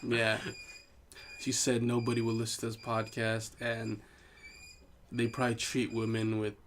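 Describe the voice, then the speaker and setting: A man's voice: mid-range voice, monotone, a little slow, slight background noise. A man co-hosting a podcast in casual chat, rambling with frequent restarts. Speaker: podcast co-host.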